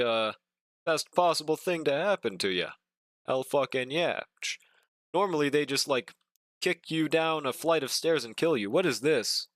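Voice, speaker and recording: A man's voice: a little high, fairly bright tone, no room sound, studio quality. A man streaming live, chatting casually while he draws, joking and cursing, humming to himself between remarks. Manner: joking, profane, hums to himself.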